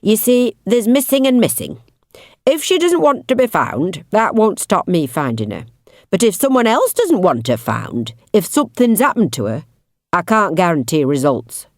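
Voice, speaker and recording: A woman voicing a creepy middle-aged male investigator with a blunt, gruff Yorkshire accent. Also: medium pitch, very animated, normal speed, dry recording, clean studio sound, pitched above the performer's own voice. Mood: blunt, menacing.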